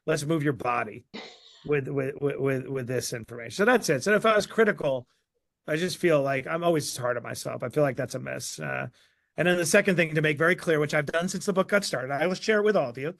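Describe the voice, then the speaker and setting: A man speaking as an author guest in a live online Q&A, energetic and emphatic. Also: a little high, fast talker, vocal fry, no echo.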